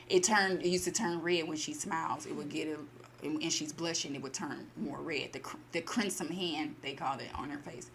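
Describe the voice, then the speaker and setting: A woman casually retelling a short story to her channel, acting out the characters' lines with lively bursts. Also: sits low, a little hiss or hum. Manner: animated, acts out character lines. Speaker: storytelling host.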